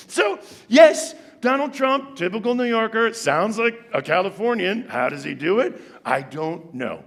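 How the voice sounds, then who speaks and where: A man doing stand-up comedy on a theater stage, animated and ironic as he talks to the audience. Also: sits high, normal speed, few pauses. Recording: long reverb of a stage hall.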